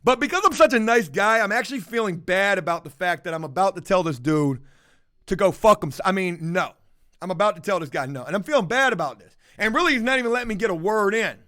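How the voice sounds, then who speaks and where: A man's voice: sits high, animated, quick pace, sharp tone, no room sound, clean studio sound. A man telling a story to camera as a profane, mocking rant. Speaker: vlogger.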